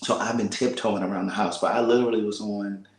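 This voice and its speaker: An American man talking casually to live viewers from a small apartment, speaking softly and half-whispering, laughing and reading out comments. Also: on the low side, fairly even intonation, fast talker, reverberant, low-quality recording. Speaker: vlogger on a livestream.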